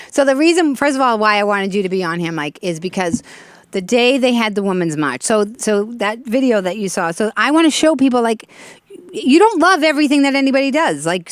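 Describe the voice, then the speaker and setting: A woman hosting a talk show with an animated, chatty stand-up delivery, laughing often. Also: on the high side, dry recording, clean studio sound.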